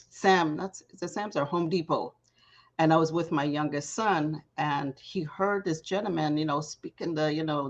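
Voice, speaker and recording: A middle-aged woman hosting a talk show, chatting loosely and often laughing. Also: sits low. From Jamaica. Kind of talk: casual interview chat. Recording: dull lo-fi audio.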